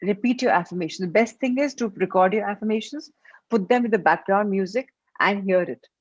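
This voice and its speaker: A woman's voice: mid-range voice, fairly quick, no room sound, dull audio. A woman with an Indian English accent leading a self-help session, switching between English and Hindi and repeating her instructions. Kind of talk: guided self-help class.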